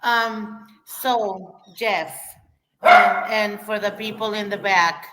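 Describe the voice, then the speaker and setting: A woman on a livestream panel, speaking in a halting, hesitant way with lots of fillers. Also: medium pitch, fairly even intonation, sharp tone, a little hiss or hum, low-quality recording. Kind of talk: livestream argument.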